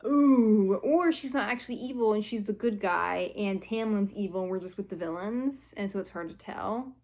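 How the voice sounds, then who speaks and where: A woman's voice: medium pitch, moderate pace. Chatty young woman book vlogger. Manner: chatty and animated, full of "like" and playful mock quotes. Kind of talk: casual reading reactions to camera.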